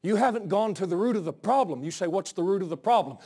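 A male pastor preaching a sermon, out of breath, swinging from folksy asides to shouted peaks. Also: high-pitched, quick pace, hardly any pauses. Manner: folksy, joking asides to the congregation.

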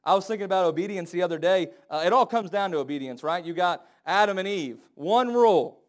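A married man preaching a sermon, acting out the people he quotes with big jumps in loudness and pitch. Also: a little fast. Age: adult, married. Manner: animated, acts out quoted voices with big swings in pitch and volume.

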